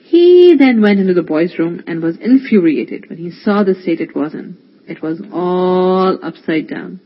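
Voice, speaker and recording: Lively storyteller with a husky voice. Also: mid-range voice, measured pace, hardly any pauses, highs cut off. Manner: expressive, lively reading. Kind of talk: storybook narration.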